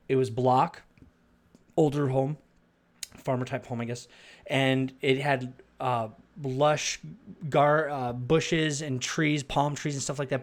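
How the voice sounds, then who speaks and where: A middle-aged man from Arizona telling a personal religious testimony, rambling and halting, with many restarts. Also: mid-range voice. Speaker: storyteller.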